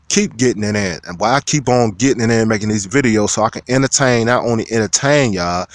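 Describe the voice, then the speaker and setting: A man talking straight to his viewers as a video commentator, loud, profane and preachy. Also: fairly low pitch, no room sound. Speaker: YouTube commentator. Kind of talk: casual vlog rant.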